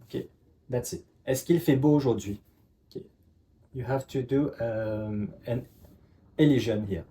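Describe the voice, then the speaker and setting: A male teacher giving a lesson, who says "ok" after nearly every phrase and spells out slow, emphatic examples. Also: mid-range voice, dark tone, slight background noise. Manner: repeats "ok" constantly, checks understanding, slow emphatic examples. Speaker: French teacher. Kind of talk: classroom lesson explanation.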